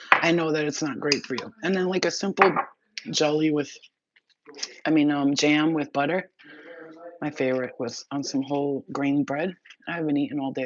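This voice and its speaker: A woman chatting casually on a livestream, rambling, swearing freely and laughing often. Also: extremely low pitch. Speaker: livestream host. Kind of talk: casual live-stream chat. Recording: muffled lo-fi audio with loud background noise.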